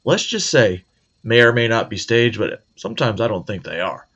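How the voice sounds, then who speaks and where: A man's voice: lowish voice, expressive, normal speed, a bit bright, husky, highs cut off. A man hosting a commentary video, talking in a sarcastic, conversational way. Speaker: video host. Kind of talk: commentary monologue.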